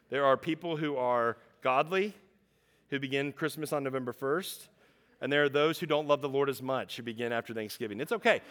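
Bright-voiced preacher man, animated. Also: mid-range voice. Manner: animated preaching with acted quotes, swinging from loud to hushed. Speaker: pastor. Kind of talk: sermon.

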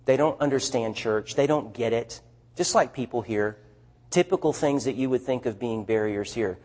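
A missionary speaker with a Southern US accent tells stories to an audience, animated and chatty, often restarting his sentences. His voice is mid-range and his pace moderate.

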